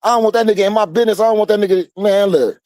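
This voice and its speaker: A man from the United States in casual street talk, blunt and profane, telling animated stories. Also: high-pitched, very fast.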